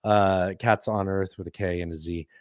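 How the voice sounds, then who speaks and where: A man's voice: low-pitched, fairly even intonation, normal speed, no echo, clean studio sound. A man hosting a casual political podcast, opinionated and explaining at length with frequent restarts. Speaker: podcast host.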